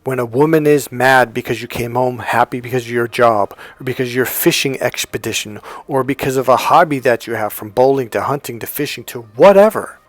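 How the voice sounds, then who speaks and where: A man's voice: fairly quick, hardly any pauses, dry recording. Blunt man telling a story. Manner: animated, acts out both sides of dialogues in higher voices; blunt, crude language. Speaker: dating coach. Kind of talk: casual storytelling advice.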